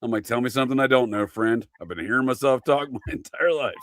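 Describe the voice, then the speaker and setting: A man's voice: medium pitch, fairly bright tone, dry recording. A man from Appalachia with an Appalachian accent, hosting a casual chat in a laid-back, joking way.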